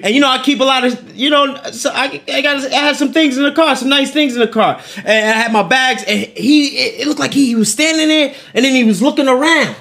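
Guy with a real high bright voice, cussing his way through a story on a podcast. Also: a little fast, vocal fry, hardly any pauses. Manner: animated, profane, acts out quoted people. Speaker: podcast host. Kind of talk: casual storytelling chat.

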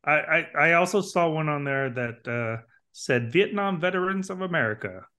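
A man's voice: on the high side, expressive, normal speed, pushed and bright, smooth. Rambling, stammering man chatting. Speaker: podcast co-host. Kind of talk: casual chat.

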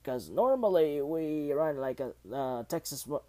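Amateur male news host, mellow and relaxed, halting and rambling delivery full of restarts. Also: on the high side. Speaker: host of a homemade news show. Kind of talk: casual news roundup.

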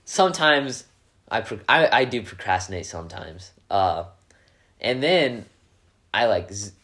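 Teen guy on a podcast, kinda low voice, earnest and pumped. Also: a little slow. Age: teens. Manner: earnest and upbeat, gets animated. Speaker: guest, high school quarterback. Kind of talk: casual interview chat.

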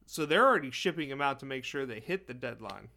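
A man with a gravelly edge to his mid-pitched voice chats casually as a podcast co-host. His delivery is relaxed and offhand, with the loose feel of friends talking. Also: quick pace. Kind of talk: casual chat.

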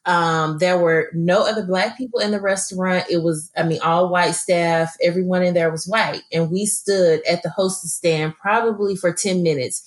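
A woman from Alabama, co-hosting a podcast and telling a personal story in an earnest, emphatic way. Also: lowish voice. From Birmingham, Alabama. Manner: earnest, emphatic, frequent fillers. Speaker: podcast co-host.

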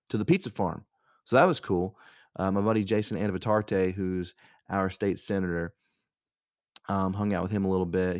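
Young male host, rambling anecdotal delivery, lowish voice, dry close sound. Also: no echo. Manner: rambling, chatty, with frequent fillers and restarts. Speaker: radio host. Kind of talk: casual storytelling monologue.

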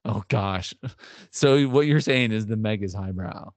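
A man's voice: fairly low pitch, unhurried, no echo. A man co-hosting a casual podcast chat, dry, skeptical and stubborn. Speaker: podcast co-host.

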